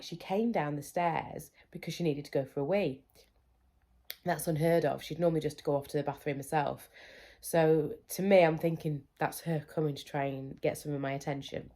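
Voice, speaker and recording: Speaking in a low, slightly mellow voice, a woman in her thirties talks casually to camera about her kids' sleep. She's chatty and candid as a parenting vlogger, frequently imitating her children's voices to act out their words.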